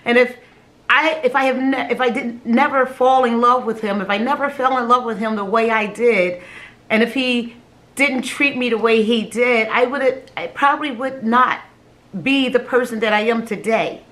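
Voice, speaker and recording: A woman, a mother, telling a personal story to camera in a halting, emotional way, often repeating her words and laughing between phrases. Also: fairly high pitch, a bit bright. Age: adult with children. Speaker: vlogger sharing a personal story.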